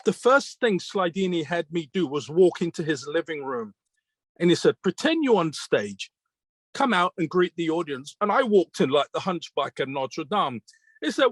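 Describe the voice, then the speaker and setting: A British man with a fairly high voice for a man speaks earnestly about his craft. He tells his stories as dialogue, quoting questions and answers. His voice is close and dry, with almost no room sound. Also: big pitch swings, moderate pace, no room sound. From Britain. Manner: retells mentors' advice as quoted dialogue, with questions and answers; earnest, reflective. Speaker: magician being interviewed. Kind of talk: conversational storytelling.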